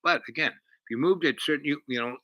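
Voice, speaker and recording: A man's voice: a little high, a little fast, no echo, low-quality recording. A man telling a long personal story in a rambling, casual way, full of fillers and asides. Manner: rambling, heavy on fillers, animated.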